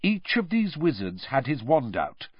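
Male audiobook reader, lively and dramatic, slightly husky. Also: medium pitch, measured pace, dry recording, lo-fi sound. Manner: dramatic, expressive reading. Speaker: audiobook narrator. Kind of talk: audiobook narration.

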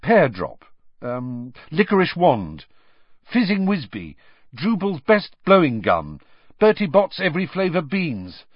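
Guy doing a higher voiced teen boy wizard, impatient, storybook reading. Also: huge pitch swings, a little slow, slightly rough, no echo, dull audio, heavily acted. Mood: urgent. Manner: urgent, impatient. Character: frustrated teenage boy wizard.

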